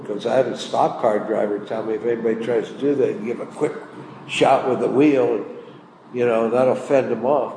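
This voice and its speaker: A man's voice: mid-range voice, mellow. An older man preaching a sermon, telling a story in a folksy, plain-spoken way. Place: church hall. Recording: echoey hall, faint room noise.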